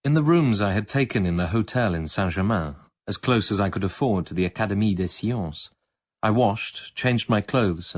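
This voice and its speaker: A man with a fairly low voice reads a story in the first person for radio. His delivery is measured and reflective, suited to an unhurried literary narration. It comes from an archived broadcast.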